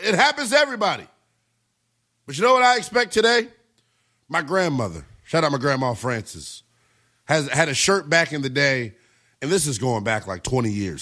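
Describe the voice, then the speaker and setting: A man's voice: mid-range voice, sharp tone. A man hosting a sports talk radio show, giving brash, emphatic opinions and taking calls.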